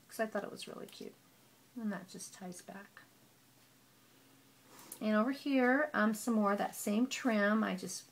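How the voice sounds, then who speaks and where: A woman casually walking through a handmade scrapbook album, chatty and gushing, with frequent "um" pauses. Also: lowish voice, creaky. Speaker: papercraft hobbyist.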